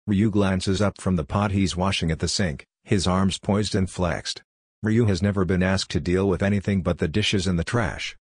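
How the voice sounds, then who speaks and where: A man narrating a story in an even, measured reading. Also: sits low, husky, dry recording, clean studio sound. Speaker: audiobook reader.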